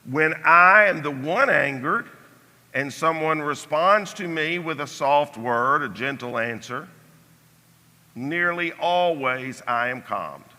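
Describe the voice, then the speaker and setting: An older man teaches a Sunday Bible class, slow and measured, and his voice drops soft on the key phrases. His tone is bright and sharp-edged and sits a little high for a man. The sound carries a long church-hall reverb. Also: expressive.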